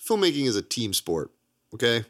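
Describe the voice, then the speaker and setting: A man co-hosting a casual movie podcast, animated and quick with asides, laughing often. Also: medium pitch. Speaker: podcast co-host.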